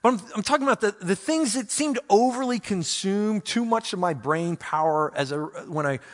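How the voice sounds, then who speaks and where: Preaching a sermon at a moderate pace, this pastor's voice runs high. He tells animated, self-mocking stories and lodges playful complaints with God.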